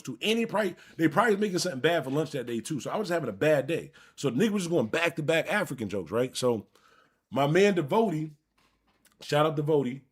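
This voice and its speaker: A man's voice: on the high side, slightly rough. A man from Buffalo, New York, hosting a live stream and telling a rambling, profane personal story straight to his viewers. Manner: animated, rambling, profane, addresses viewers directly. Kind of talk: casual storytelling.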